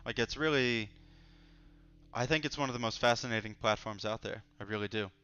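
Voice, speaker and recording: Faint music sits under the dull, lo-fi sound of this livestream, where a male host with a medium-pitched, brisk, pushed and bright voice chats casually. He keeps things easygoing and jokey while reading the chat aloud.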